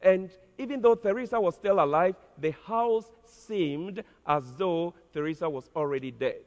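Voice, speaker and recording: A pastor tells a story from the pulpit in a high-pitched voice at a moderate pace, earnest and dramatic but with hesitant fillers. The sermon echoes with long hall reverb.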